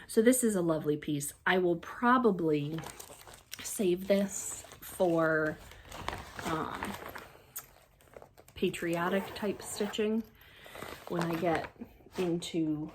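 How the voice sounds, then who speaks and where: Chatty, excitable woman vlogger. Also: on the low side, slow, pauses often, noisy background. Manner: chatty, excitable, trails off and restarts. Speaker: crafting vlogger. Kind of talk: casual show-and-tell chat.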